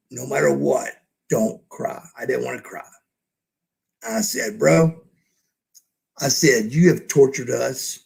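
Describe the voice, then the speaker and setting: A man's voice: mid-range voice, vocal fry. A man telling a story as a podcast guest in a blunt, profane way, acting out the lines of the people in it. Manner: profane, blunt, acts out quoted dialogue. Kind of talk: casual storytelling.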